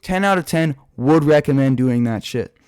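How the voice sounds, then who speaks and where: A man's voice: a little high, moderate pace, darkish tone, smooth. Rambling, profane young man telling a story. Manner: rambling, profane, full of filler words. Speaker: storyteller vlogger. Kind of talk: casual story time while gaming.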